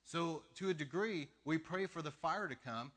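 A pastor preaching a sermon, telling stories in an animated way with laughter between lines. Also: male voice, fairly high pitch, normal speed.

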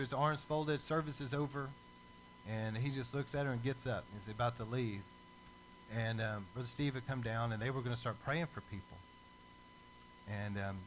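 A man preaching a sermon as a lively storyteller who acts out the people in his stories. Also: mid-range voice, a little hiss or hum, low-quality recording.

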